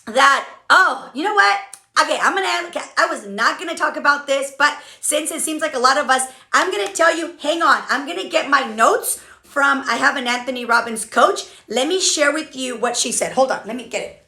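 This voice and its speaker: High, bright chatty woman in an echoey room. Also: expressive, a little fast. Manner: chatty, frank, keeps asking okay. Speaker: business coach hosting a live stream. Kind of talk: casual motivational talk to a live chat.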